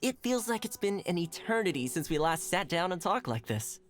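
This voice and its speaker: A man's voice: high-pitched, moderate pace. An easygoing young man in hiding. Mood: wistful. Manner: friendly, longing, relaxed.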